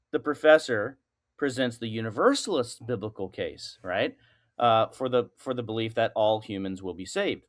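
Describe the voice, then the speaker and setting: Man explaining a philosophy argument. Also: mid-range voice. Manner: thinking aloud with many fillers and "right?" tag questions. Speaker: podcast guest.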